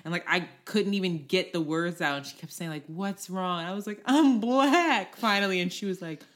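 A young adult woman co-hosting a podcast, telling a personal story in casual chat, candid and quick to swear as she acts out what people said. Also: on the low side, a bit bright. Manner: candid, swears freely, acts out quoted voices. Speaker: podcast co-host.

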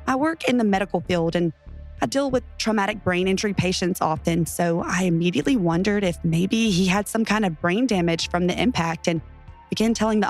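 Woman narrating an earnest, tense true story. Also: medium pitch.

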